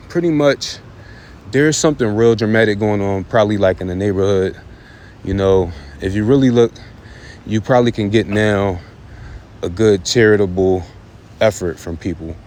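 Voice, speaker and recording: Rambling low-voiced man outdoors. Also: a little mellow, slight background noise, rough recording. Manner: loose, rambling, repeats phrases with fillers. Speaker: astrology forecaster. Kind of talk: casual outdoor vlog forecast. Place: outdoors in an urban area, walking.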